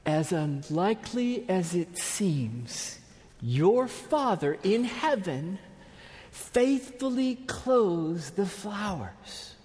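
A man preaching a sermon, earnest and emphatic, often dropping to a hush at the ends of phrases. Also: high voice, very animated, very slow. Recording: long hall reverb.

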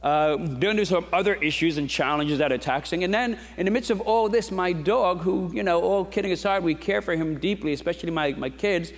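A man's voice: sits high, brisk, few pauses. Man preaching in an echoing church. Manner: conversational storytelling with rhetorical questions. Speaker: pastor. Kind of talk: sermon. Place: church sanctuary. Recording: long reverb of a large hall.

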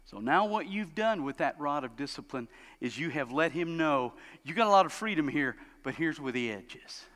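A high, bright-voiced man preaches a sermon from a church sanctuary, his voice ringing with a long hall reverb. He is animated and tells stories, slipping into the voices of the people he describes. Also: normal speed. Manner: animated, acts out quoted parents in high voices. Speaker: pastor.

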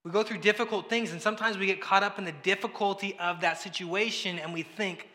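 Bright-voiced preacher in an echoey hall. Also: male voice, sits high, fairly even intonation, fast, few pauses. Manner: conversational preaching, acting out quoted voices, swings between loud and hushed. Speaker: pastor. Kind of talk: sermon.

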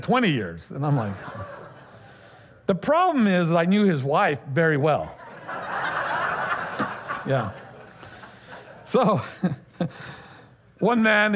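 Male pastor, conversational sermon delivery, animated and chatty, slightly high pitch. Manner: conversational and animated, with laughter and many fillers.

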